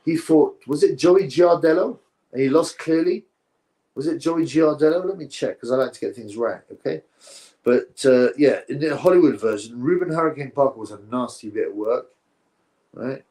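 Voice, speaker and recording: Guy on a live stream reading chat, opinionated, keeps restarting sentences, middle pitch. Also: animated, moderate pace, darkish tone. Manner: rambling, opinionated, frequent self-corrections. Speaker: boxing stream host. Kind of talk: live stream chat answering viewer comments.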